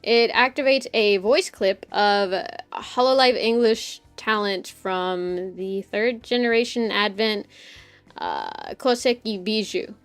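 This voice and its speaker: A woman's voice: medium pitch, sing-song, takes it slowly, clear, resonant tone, faint music behind. A woman hosting a casual live stream, talking chattily, giggling often and swearing freely as she jumps from topic to topic. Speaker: streamer host.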